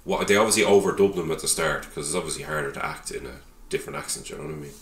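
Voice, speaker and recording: A man's voice: extremely low pitch, very fast, reverberant, recorded from a distance. A man co-hosting a podcast, telling jokey, sweary stories in casual chat. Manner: joking, sweary, animated storytelling. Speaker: podcast co-host.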